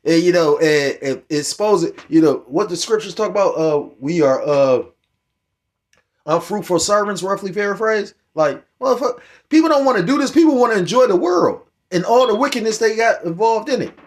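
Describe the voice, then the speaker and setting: Fairly quick and expressive, this middle-aged man's voice sits high. As a religious commentator, he delivers rambling, profane, heated remarks on scripture and current events, restarting often.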